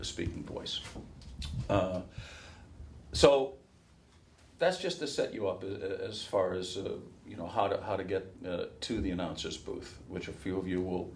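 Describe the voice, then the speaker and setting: A middle-aged man from Chicago with a softened Midwest accent and a flat nasal tone, talking loosely to a workshop audience with many fillers and restarts. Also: sits low, a little hiss or hum. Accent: softened Midwest American. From Chicago, USA. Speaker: race caller giving a workshop. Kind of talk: casual talk to a workshop audience.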